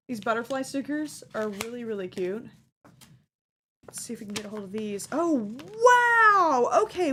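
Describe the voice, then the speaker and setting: A woman streaming herself opening a fan's care package, chatting casually and gushing with delight over each item. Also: sits high. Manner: bubbly, gushing, easily delighted. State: hiccups. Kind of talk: casual unboxing chat.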